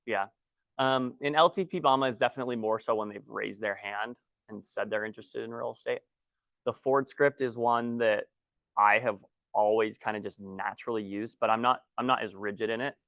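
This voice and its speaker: A man's voice: medium pitch, fairly bright tone. A man leading a training workshop, a little out of breath. He keeps restarting his sentences and talks while writing on a board. The sound is dry, with no room echo. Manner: halting, restarts sentences often; writes on a board while talking. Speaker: guest trainer. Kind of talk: teaching a workshop.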